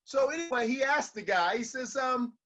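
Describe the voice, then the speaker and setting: A man's voice: extremely high pitch, expressive, brisk, a bit bright, dull audio. A man giving a motivational speech in an emphatic, repetitive, preacher-like delivery. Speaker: motivational speaker.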